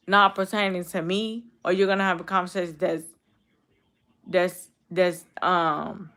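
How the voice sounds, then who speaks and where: A woman's voice: medium pitch, sharp tone. Blunt twenty-year-old woman streamer. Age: 20s. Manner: blunt, repetitive, talks straight back to commenters. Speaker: YouTube streamer. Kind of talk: casual live-stream chat with viewers.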